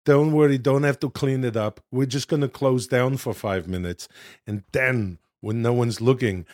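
A man voicing a burly middle-aged male gym owner in a low, hushed, matter-of-fact tone. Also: normal speed, no echo, clean studio sound, close to an everyday voice. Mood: smug.

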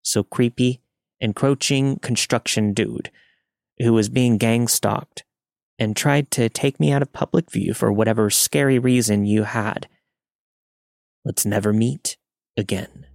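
Male horror podcast host, gravelly voice, dry close recording, steady measured storytelling. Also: medium pitch, no echo. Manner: steady, measured reading of a first-person tale. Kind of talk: scripted storytelling narration.

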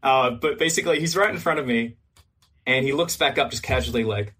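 A podcast guest with a brisk, mid-range voice tells a long, funny story during casual chat, and there's a little hiss or hum in the audio. He's animated, acts out other people's lines in their voices, and swears freely.

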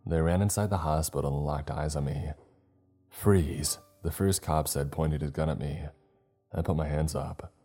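A male narrator reads a first-person horror story with a very deep, dark voice. His delivery is steady and measured. Faint music plays underneath.

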